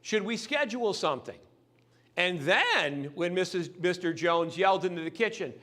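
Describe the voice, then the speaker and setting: A man giving a sales training talk, animated and acting out customers' lines in quick voices. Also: high voice.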